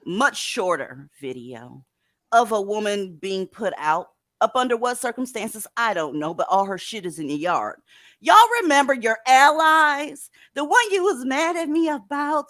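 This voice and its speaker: A woman hosts a livestream and runs through her commentary in a blunt, profane, scolding way. Her voice sits a little high and swings widely in pitch. The sound is dry and close. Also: fairly bright tone, dry recording. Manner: scolding, sarcastic, emphatic. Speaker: livestream host.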